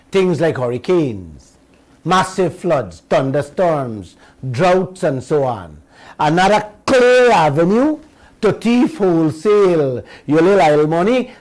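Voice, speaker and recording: A rough recording captures a middle-aged man with a high voice hosting a radio show. He delivers emphatic political commentary to listeners he addresses as uncle and auntie, drawing out his words.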